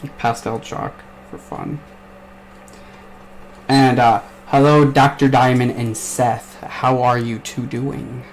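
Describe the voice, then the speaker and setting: A man's voice: mid-range voice, level tone, takes it slowly, pauses often, a little hiss or hum, low-quality recording. A young man from the Midwest, hosting a casual podcast chat, rambling along with lots of swearing and laughter. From American Midwest. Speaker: podcast host.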